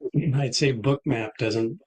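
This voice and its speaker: A man co-hosting a live trading show, calmly commenting on charts. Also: mid-range voice, slow, slightly rough, rough recording.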